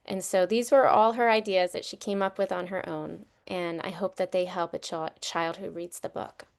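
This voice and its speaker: A woman in her thirties chats casually over a video call as she presents her book. Her voice is smooth and clear, and she pauses with little fillers and restarts as she goes. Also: fairly low pitch. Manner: warm, relaxed, with fillers and self-corrections. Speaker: author and trauma consultant. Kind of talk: casual talk at a virtual book launch.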